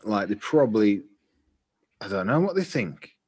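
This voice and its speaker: Rambling podcast co-host. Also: male voice, fairly low pitch, sing-song, moderate pace, a little mellow, husky. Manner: rambling, chatty, self-deprecating. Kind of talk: casual chat.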